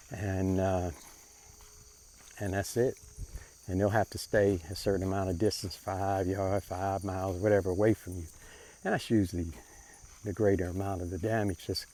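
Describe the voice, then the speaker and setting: A man with a fairly low voice delivers a preacher-like monologue on faith and social issues. He speaks plainly with informal grammar, taking his time and circling back to rephrase his points. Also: a little mellow. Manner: unhurried, repeats and rephrases himself. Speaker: self-described prophet giving commentary.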